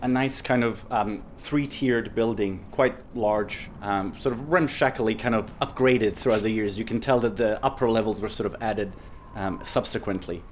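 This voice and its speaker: Low-voiced man narrating a tabletop game. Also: normal speed, slight background noise. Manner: meandering, many fillers. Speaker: game master.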